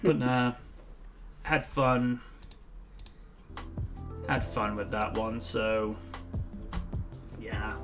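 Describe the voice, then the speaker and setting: Host: man, chatty and rambling, loud mock quotes, faint music under the voice. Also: on the low side, fairly even intonation, drawn-out words, pauses often. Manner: rambling, laughs and acts out movie lines in loud mock voices. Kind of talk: casual chat, live stream.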